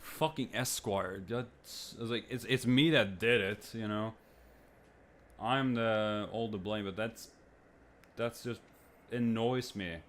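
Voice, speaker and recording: A man's voice: takes it slowly, slight background noise. A young man streamer venting in a rambling, frustrated way, swearing and stammering through restarts. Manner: jumps to high, loud mimicking when quoting others.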